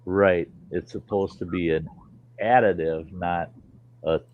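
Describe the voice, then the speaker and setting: Here the livestream host's voice sits low and moves slowly, with slight noise in the background. He's chatting casually, telling meandering, salty tales and bringing their characters to life in animated impressions, captured in dull lo-fi sound.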